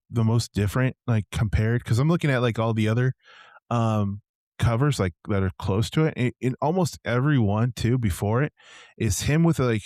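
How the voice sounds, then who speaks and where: A man co-hosting a podcast in casual chat, halting and restarting often. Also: medium pitch, darkish tone, no room sound, studio quality. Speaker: podcast co-host.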